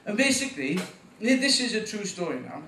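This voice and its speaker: A man's voice: high-pitched, very animated, fairly quick, bright, forceful tone, a little hiss or hum. Nervous man in his forties doing stand-up. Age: 40s. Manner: rambling, swearing, chuckling at own jokes. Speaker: first-time stand-up comic. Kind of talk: stand-up comedy set. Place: small venue with live audience. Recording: echoey room recorded from a distance, faint ambience.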